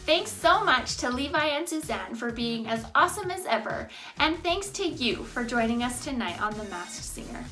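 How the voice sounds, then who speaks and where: A woman's voice: high-pitched, animated, moderate pace, few pauses, bright, forceful tone, soft background music. A woman hosting a community talent show, reading out thanks and a sponsor list in an upbeat scripted way. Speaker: show host. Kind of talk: scripted announcement.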